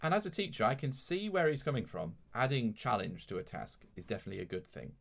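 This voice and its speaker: Low gravelly man, lively intonation, dry joking co-host. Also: fast. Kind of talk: casual podcast chat.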